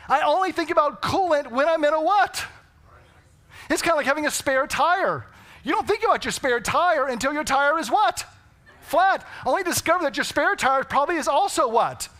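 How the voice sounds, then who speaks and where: A man's voice: extremely high pitch, animated, normal speed, sharp tone. A man preaching a sermon, telling stories and asking the congregation rhetorical questions. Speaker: pastor. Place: church sanctuary.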